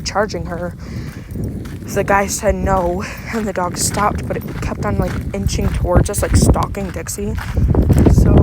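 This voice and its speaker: A woman reading comments aloud and rebutting them indignantly while out walking her dog, out of breath. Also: mid-range voice. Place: outdoors on a street walk. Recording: faint street noise, passing cars.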